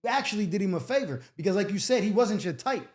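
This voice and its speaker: A man's voice: high-pitched, lively intonation, fast talker, a little mellow. Blunt, slangy male advice host. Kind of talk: casual advice commentary. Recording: roomy echo.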